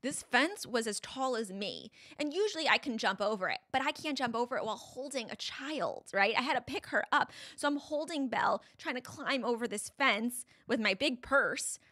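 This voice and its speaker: A woman's voice: fairly high pitch, lively intonation, normal speed, hardly any pauses, pushed and bright. A young woman, a podcast guest, retelling a frightening personal story in a breathless, vivid way full of "like"s.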